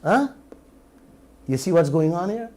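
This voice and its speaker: A middle-aged Guyanese man on a radio talk show, who speaks slowly and deliberately in a somewhat high voice. He preaches to his listeners with one rhetorical question after another. He slides between standard English and local creole. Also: lively intonation, a little mellow. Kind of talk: impassioned radio commentary.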